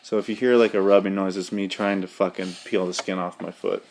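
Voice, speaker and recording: A man's voice: sits low, fairly even intonation, a little fast, very noisy. A young man hosting a podcast, rattling off hockey scores in a profane, rambling, mock-outraged casual rundown. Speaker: podcast host.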